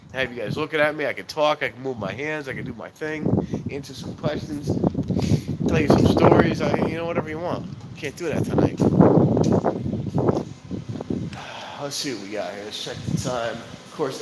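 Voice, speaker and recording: A man's voice: on the high side, expressive, normal speed. A man with a congested, nasal voice, rambling casually as he hosts a live stream by railroad tracks and reads viewers' comments aloud. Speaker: live streamer, train-watching channel host. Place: outdoors by railroad tracks at night. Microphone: phone held in hand. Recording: outdoor noise on a handheld phone.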